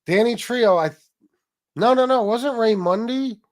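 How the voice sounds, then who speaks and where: This male streamer has a very high voice and talks a little slowly as he banters profanely with viewers and reads their donations, often restarting. The recording is dry and of studio quality.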